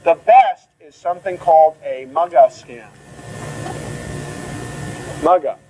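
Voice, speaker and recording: Animated high-voiced man lecturing. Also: takes it slowly, slightly rough, dull audio. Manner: animated, theatrical, mimics confused students. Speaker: medical lecturer. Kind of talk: classroom lecture.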